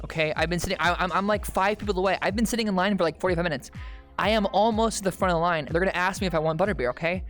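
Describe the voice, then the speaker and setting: A woman streamer telling a long, rambling story to her chat, with frequent "okay?" asides and sudden loud outbursts. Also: on the low side, fast talker, soft background music. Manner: bursts into loud shouting at punchlines.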